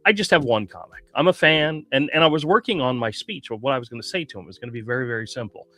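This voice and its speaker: A man hosting a casual talk show, telling a long story in an animated, indignant way. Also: mid-range voice, quick pace. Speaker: podcast host. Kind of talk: casual chat.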